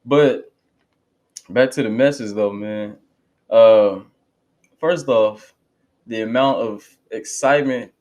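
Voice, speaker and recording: A slightly mellow, medium-pitched male voice belongs to a channel host reacting to a speech. He chats casually but emphatically, erupting fervently now and then and slipping into quotes from others.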